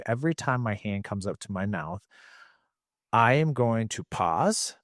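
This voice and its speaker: A man's voice: mid-range voice, expressive, moderate pace, dry recording, studio quality. A man guest on a podcast, explaining behavior change earnestly through his own examples. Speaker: podcast guest, emotional health coach. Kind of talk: reflective interview talk.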